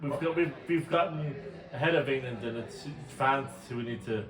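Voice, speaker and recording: A man's voice: mid-range voice, moderate pace, over music. A middle-aged Irish man co-hosting a podcast, teasing his friend with dry interjections. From Ireland. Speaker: podcast co-host. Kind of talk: casual chat. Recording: roomy, distant from the mic.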